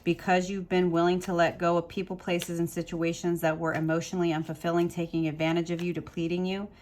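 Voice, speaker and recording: A woman giving a tarot card reading to camera. She speaks emphatically and with passion, builds her points with rhetorical questions, and repeats motivational phrases. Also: low-pitched. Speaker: tarot reader.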